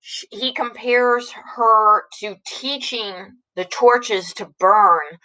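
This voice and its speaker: Slow, chatty woman teacher. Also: medium pitch, sharp tone, poor audio. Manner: casual and chatty, many fillers. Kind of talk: explaining a play in a recorded lesson.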